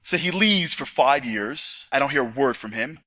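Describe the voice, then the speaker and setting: A man telling a story to an audience, acting out the dialogue as he goes, swinging from hushed asides to excited shouting, with a lot of "like" and "you know.". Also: mid-range voice, normal speed, no room sound. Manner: conversational, with frequent "like" and "you know". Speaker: inspirational speaker. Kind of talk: animated storytelling talk.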